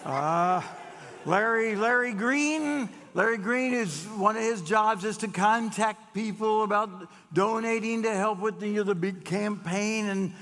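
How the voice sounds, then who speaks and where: A man telling folksy jokes to a gathering, chatty with drawn-out pauses and frequent restarts. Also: high voice, a bit bright, slight background noise. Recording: long hall reverb.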